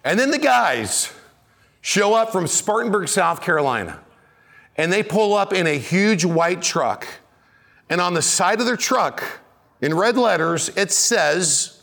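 A middle-aged man preaching a sermon as pastor, telling a story and rising to near shouts when excited. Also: high voice, a little slow, vocal fry.

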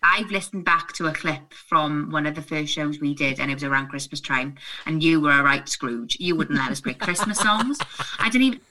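A bubbly woman co-hosting community radio from a video call. Her voice sits low in pitch but sounds bright and forceful. She chimes in quickly and keeps the chat moving. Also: lively intonation, low-quality recording. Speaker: radio presenter.

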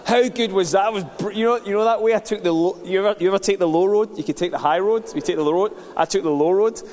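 A man's voice: high-pitched, fast, a little mellow. A man preaching a sermon, telling stories in a conversational, self-deprecating way. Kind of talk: sermon with storytelling. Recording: reverberant hall.

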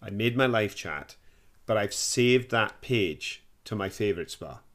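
A man's voice: lowish voice, expressive, a little slow, a bit bright. A middle-aged man with a Welsh accent, co-hosting a podcast in casual chat and giving practical tips. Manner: chatty, practical, gives tips. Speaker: podcast co-host.

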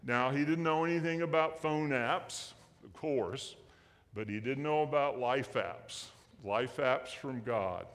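A man's voice: medium pitch, a little slow, a bit bright, in a large hall. A man preaching a sermon as pastor, in a folksy, joking way, asking the congregation questions in a church sanctuary.

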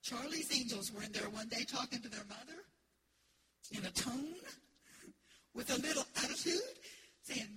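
A middle-aged woman from the United States, preaching an emphatic, animated sermon as pastor in a church. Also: fairly high pitch, unhurried, long pauses, background noise. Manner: emphatic, animated preaching with laughter and call-outs. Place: church sanctuary.

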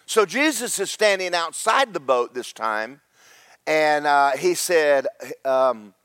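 A man's voice: on the high side, lively intonation, slow, fairly bright tone, clean tone, dry recording. A man preaching a sermon, telling Bible stories in a folksy, joking way with voices for the characters. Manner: folksy storytelling with comic voices.

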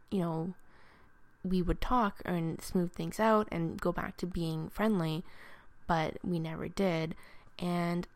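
Gravelly low woman telling a candid story. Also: dry recording. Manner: candid, self-deprecating, laughs often; halting with restarts and ums. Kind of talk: personal storytelling monologue.

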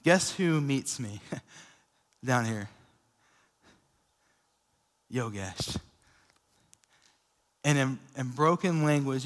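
A young man preaching a sermon as a pastor, telling a personal story in a casual, energetic way with lots of fillers. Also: mid-range voice. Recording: long reverb of a church hall.

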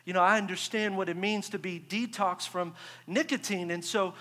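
Male pastor, high voice, energetic sermon, echoey large church. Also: moderate pace. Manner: energetic, rhetorical call-and-response.

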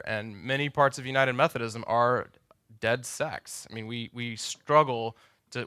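A man's voice: mid-range voice, pushed and bright, no room sound, clean studio sound. A middle-aged man, a pastor, giving a conversational lecture at a university chapel with joking asides and self-corrections.

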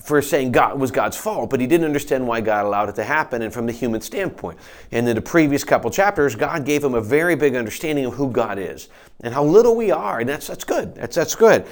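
A man's voice: mid-range voice, animated, fairly quick. Earnest man preaching a sermon. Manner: earnest, conversational preaching with frequent restarts. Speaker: pastor. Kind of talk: sermon with scripture reading.

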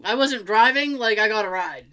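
Bright, chatty woman host. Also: a little high, normal speed. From United States. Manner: chatty storyteller, laughs often, loose rambling restarts. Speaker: podcast host. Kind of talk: casual chat.

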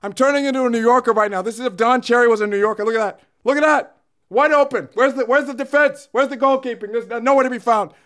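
A loud-mouthed older hockey pundit holds forth in a very high, squeezed-up voice, as a man puts him on. He rants, bosses the listener around and hammers the same points again and again. It is a comedic sports commentary impression. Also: fairly quick. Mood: ranting. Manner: rants, bossy, repeats himself. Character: blustering older male hockey pundit, opinionated and ranting.

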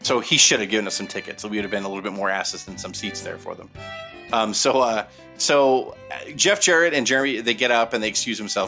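Casting: man, bright forward tone, easygoing storyteller, soft music underneath. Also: on the low side, fast talker. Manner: rambling, animated, many fillers. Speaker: podcast co-host telling stories. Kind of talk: casual storytelling chat.

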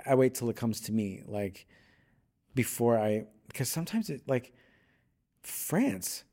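A man's voice: medium pitch, sing-song, unhurried, warm tone. A man chatting casually as a guest, rambling a little and slipping into playful bits of accents. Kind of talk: casual conversation.

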